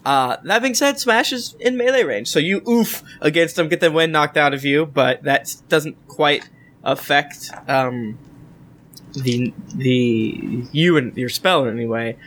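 A man's voice: on the high side, unhurried, fairly bright tone, a little hiss or hum. A man narrating as game master in a tabletop game, rambling with lots of filler and chuckles.

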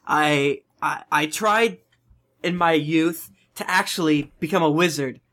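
A man's voice: a little high, measured pace, a bit bright. A man playing his character in a tabletop game, earnest and playful, often stumbling over his words. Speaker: player. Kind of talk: in-character tabletop role-play.

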